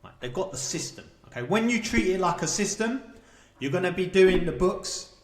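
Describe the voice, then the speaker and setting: A man's voice: high voice, animated, moderate pace. A man coaching viewers on self-publishing in a casual talk to camera, stressing points and checking in with "right?" and "okay?". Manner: emphatic, repeats points with rhetorical checks.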